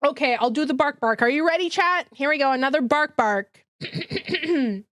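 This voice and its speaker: Bubbly, higher-voiced woman streamer. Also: lively intonation, normal speed, a bit bright, dry recording, clean studio sound. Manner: bubbly and rambling, laughs often. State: congested. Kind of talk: casual live-stream chat.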